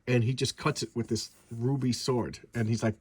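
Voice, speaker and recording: A man's voice: mid-range voice, fairly even intonation, normal speed, a little mellow, breathy edge, no echo. A man recapping a comic book in a casual, enthusiastic, rambling way, with many restarts.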